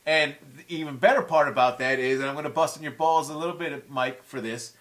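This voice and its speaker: A man's voice: fairly high pitch, brisk, fairly bright tone. A man in his forties, a guest musician in a casual chat, telling stories with heated, profane language. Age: 40s.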